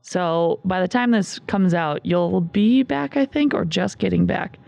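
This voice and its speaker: Gravelly-voiced woman asking teasing questions. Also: fairly low pitch, unhurried, darkish tone. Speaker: podcast co-host, marketing director. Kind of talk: casual chat. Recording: slightly dull lo-fi recording.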